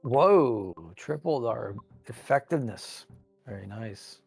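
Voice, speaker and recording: A man's voice: mid-range voice, lively intonation, slow pace, gravelly, a little mellow, faint music behind. A man co-playing a video game, chatting casually, asking questions and cracking dry jokes. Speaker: co-player. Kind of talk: casual gameplay chat.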